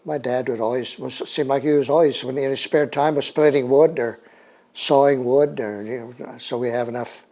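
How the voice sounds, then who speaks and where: An older man from the United States giving an oral history interview, recalling his childhood at a halting pace with many fillers. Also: medium pitch, steady tone.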